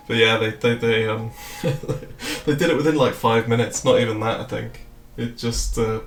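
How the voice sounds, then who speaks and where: A man's voice: medium pitch, gravelly. A man chatting loosely on a trading livestream, rambling, swearing and laughing often. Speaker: crypto trading streamer. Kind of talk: casual livestream chat. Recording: roomy echo, faint music behind.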